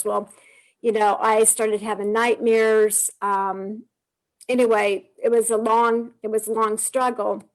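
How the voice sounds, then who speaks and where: A woman in her forties giving an earnest, heartfelt personal testimony on a video call, telling her story with frequent restarts. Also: mid-range voice. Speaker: guest sharing her testimony. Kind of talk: emotional personal testimony on a live stream.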